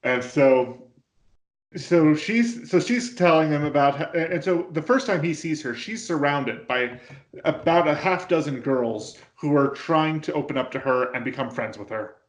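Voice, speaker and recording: A man's voice: a little high, unhurried. A man co-hosting a casual podcast, recapping an anime and often restarting his sentences. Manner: stammering restarts, animated when quoting. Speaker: podcast co-host. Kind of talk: casual anime review chat. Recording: roomy echo.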